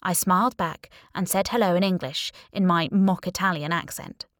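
A woman reading a first-person audiobook in an expressive, wry and playful way. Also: fairly low pitch, moderate pace, dry recording, studio quality. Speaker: audiobook narrator.

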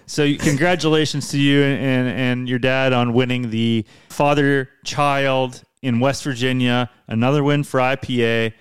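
Host ribbing his buddy, smooth voice, middle pitch. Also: fairly even intonation, a little slow, few pauses, dry recording, clean studio sound. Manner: joking, teasing. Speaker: podcast host. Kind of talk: casual chat.

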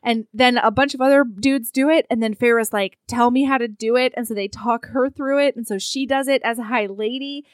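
A woman co-hosting a casual chat, retelling a book's plot with animated delivery and acting out characters' lines. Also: on the high side, fairly quick, few pauses, no echo, studio quality. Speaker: podcast co-host recapping a book.

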